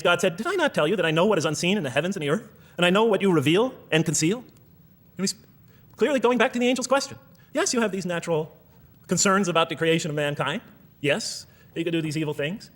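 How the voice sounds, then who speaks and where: A man's voice: sits high, a bit bright. A man giving a lecture to a live audience, reading verses aloud and posing rhetorical questions.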